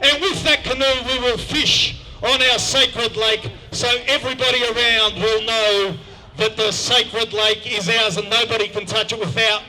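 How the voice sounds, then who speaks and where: A man's voice: very high-pitched, fairly even intonation, measured pace, pushed and bright, heavily acted, poor audio. A man voicing a stern tribal chief who hands down judgment in a told joke. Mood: solemn.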